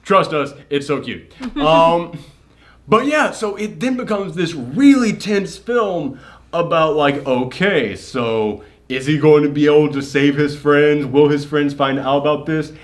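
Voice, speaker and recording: A young man co-hosting a casual movie review chat, excitable and swearing freely as he acts out quotes. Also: fairly high pitch, unhurried. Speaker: co-host of a movie review show.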